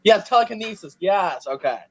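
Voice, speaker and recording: A man's voice: high-pitched, animated, fairly quick, husky, highs cut off. A man hosting a casual chat while building a set, joking and rambling with self-mocking humor.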